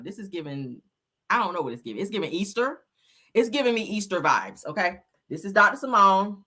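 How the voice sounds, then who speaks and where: A woman's voice: on the low side, pushed and bright. A woman hosting a casual livestream, giving blunt, sassy fashion commentary and talking straight to her chat. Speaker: livestream host.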